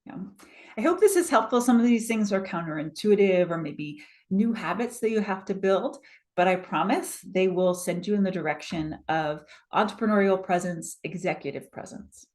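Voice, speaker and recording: A woman who coaches presentations runs a live online workshop over a video call, sounding energetic and encouraging as she frequently checks in with participants. Her pitch is medium and her pace moderate.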